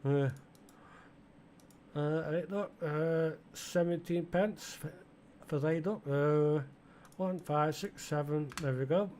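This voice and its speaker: A middle-aged man with a broad East Midlands English accent, chatting in a loose, rambling way full of "uh"s. His voice sits a little high for a man, and faint noise hums under the recording. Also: slow, a little mellow. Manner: rambling, chatty, full of fillers, talks to game customers. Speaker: gaming channel host. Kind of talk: casual let's-play commentary.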